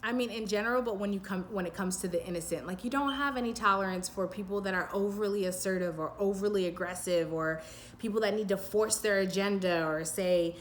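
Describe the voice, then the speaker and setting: Woman tarot reader, mid-pitched, meandering and soothing, faint room hum. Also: brisk. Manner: rambling and intuitive, many "like" fillers and restarts. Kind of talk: pick-a-pile tarot reading.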